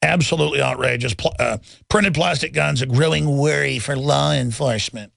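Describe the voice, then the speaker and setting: Gravelly, ranting male radio host. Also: medium pitch, normal speed, fairly bright tone, dry recording. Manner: angry, ranting, repeats himself. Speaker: radio talk show host. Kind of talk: talk radio rant.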